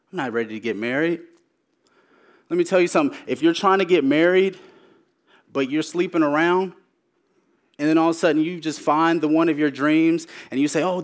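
Man giving a preached testimony; repeats key lines, swings from urgent to hushed. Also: medium pitch. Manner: repeats phrases for emphasis, swings between raised urgent lines and hushed ones. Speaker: speaker sharing his testimony.

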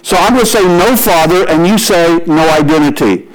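Male pastor, sermon, high-pitched speaking voice, story-driven, leans on slow emphatic lines; radio broadcast sound. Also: poor audio. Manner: storytelling preacher who shifts pace for emphasis.

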